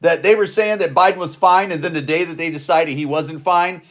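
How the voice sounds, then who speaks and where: A man in his forties with a notably high voice rants on his podcast in loose, slangy talk. He is blunt and keeps circling back to the same phrases to hammer them home. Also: fairly even intonation, a little fast. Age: 40s. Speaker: podcast host. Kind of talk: casual opinion rant.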